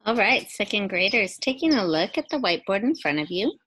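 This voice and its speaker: A woman teacher giving a recorded phonics lesson to second graders, speaking slowly and clearly and pausing for imagined answers. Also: medium pitch, big pitch swings, a bit bright, rough recording. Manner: slow, clearly enunciated teacher talk with pauses for imagined answers.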